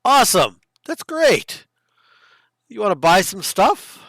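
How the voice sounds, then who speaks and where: A man voicing a hospitable male barbarian village chief who speaks loudly with hesitant fillers. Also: sits high, very animated, slow, no echo, pitched above the performer's own voice, exaggerated voice. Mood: welcoming.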